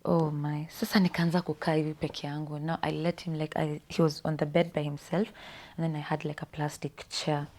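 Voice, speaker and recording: Young Kenyan woman guest, lowish voice, confiding story, slips into whispers. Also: level tone, fairly quick, hardly any pauses, darkish tone. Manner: often drops to a breathy whisper, switches between English and Swahili slang. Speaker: podcast guest. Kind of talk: personal storytelling. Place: podcast studio.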